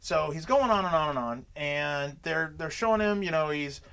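A man's voice: a little high, normal speed, creaky, smooth. A man telling stories in casual chat, swearing freely and acting out quotes. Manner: profane, animated storyteller acting out quotes. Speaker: podcast co-host.

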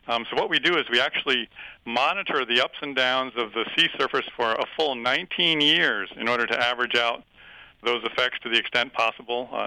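A man explaining a technical point as an interview guest, measured with some fillers. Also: mid-range voice, sharp tone, clean tone, dry recording, low-quality recording. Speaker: expert guest.

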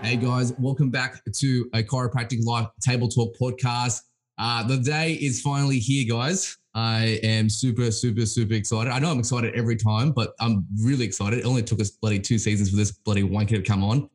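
An Australian man hosting a podcast, casual and teasing, tripping over repeated words as he gets excited. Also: mid-range voice, fairly quick. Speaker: podcast host. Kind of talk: casual interview chat.

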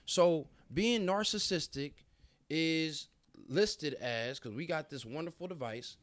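Man, podcast co-host, fairly high voice, earnest, halting restarts, dry close mic. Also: dry recording. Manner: earnest, restarts often, slow and emphatic at times. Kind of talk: casual podcast discussion.

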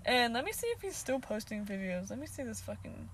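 Here the vlogger's pitch is fairly high with big swings, and she talks briskly over slight background noise. In her twenties, she chats through a casual storytime for viewers, full of "like," frequent swearing, and regular laughter.

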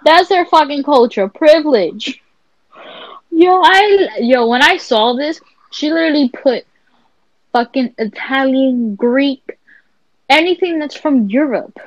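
A woman co-hosting a podcast, telling stories in a blunt, profane, animated way. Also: sits high, takes it slowly, no room sound, rough recording. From Latina. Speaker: podcast co-host. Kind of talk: casual chat.

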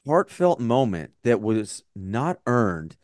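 A man co-hosting a casual movie review podcast, ranting and swearing with animated exasperation. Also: fairly low pitch, slow, no echo, studio quality. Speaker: podcast co-host.

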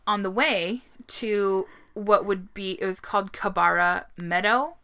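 A woman's voice: mid-range voice, a little slow, bright, forceful tone, clean tone. A woman co-hosting a casual podcast, retelling a story in a chatty way with frequent laughs and the odd swear. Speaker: podcast co-host.

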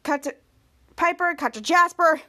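A woman's voice: very high-pitched, moderate pace, bright, forceful tone. A woman podcast host recapping a TV episode scene by scene, with stumbling restarts.

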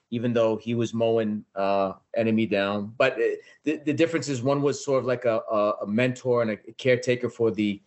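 A man co-hosting a podcast, chiming in with jokes and movie references in casual chat. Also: medium pitch. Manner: joking interjections, movie references. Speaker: podcast co-host.

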